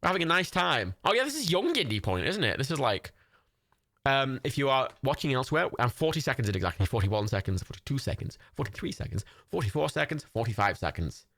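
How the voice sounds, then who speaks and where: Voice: medium pitch, very animated, fast talker, a bit bright, no echo, studio quality. A young adult streamer hosting a watch party, chatting casually, reading out chat and gifts, swearing freely and laughing often.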